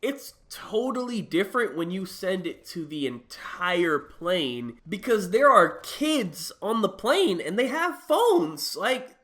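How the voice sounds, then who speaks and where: A man commenting on a clip for his stream, fairly high-voiced and blunt. He mocks freely and fills his talk with "like" and "bro". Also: fairly bright tone. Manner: blunt, mocking, says "like" and "bro" often. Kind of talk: casual reaction commentary.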